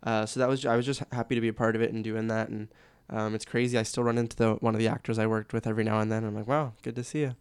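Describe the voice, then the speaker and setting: A man's voice: lowish voice, level tone, very fast, few pauses, clean tone, no room sound. A young man from Canada, a sports announcer guest, chatting candidly and laughing easily. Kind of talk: casual interview chat.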